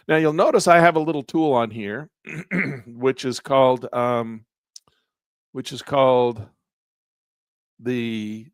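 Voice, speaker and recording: A man leads a live trading class, explaining each step in a relaxed, conversational way. His voice is wearing thin, and he keeps clearing his throat. The sound is dry and close, with almost no room echo. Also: medium pitch. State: losing his voice. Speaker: trading instructor. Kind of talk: live online class walking through charting software.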